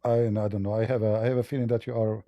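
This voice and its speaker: Dark-voiced man grilling a caller. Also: lowish voice, little pitch movement, dry recording, muffled recording. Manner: halting, repeats words, blunt probing questions. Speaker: debate host. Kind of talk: live call-in debate.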